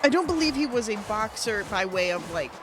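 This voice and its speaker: A woman streaming a video game, rambling excitably with lots of fillers into a desk microphone at her computer. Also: mid-range voice, a little fast, music in the background. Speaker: gaming streamer. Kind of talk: casual let's-play commentary. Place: at home at a computer.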